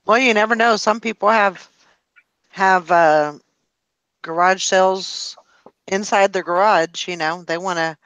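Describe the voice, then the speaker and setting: A woman's voice: medium pitch, a little slow, pauses often, a bit bright, no room sound. A woman chatting casually on a live reseller show in an easygoing way. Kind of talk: casual chat.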